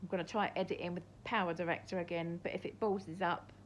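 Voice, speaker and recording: A woman's voice: fairly low pitch, fairly even intonation, quick pace, a little hiss or hum. An older woman with an English accent, rambling chattily to camera in a casual home vlog. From England. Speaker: vlogger. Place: at home, indoors.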